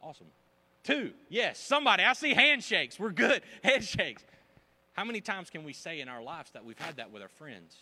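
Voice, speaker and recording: A man preaching a sermon as pastor, emphatic, swinging between loud bursts and hushed asides. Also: high-pitched, sing-song, moderate pace.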